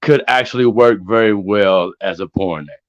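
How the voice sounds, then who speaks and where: A man hosting a casual wrestling podcast, steering the talk with relaxed questions. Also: on the low side, muffled recording. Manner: slow, laid-back, asks questions to steer the talk. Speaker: podcast host.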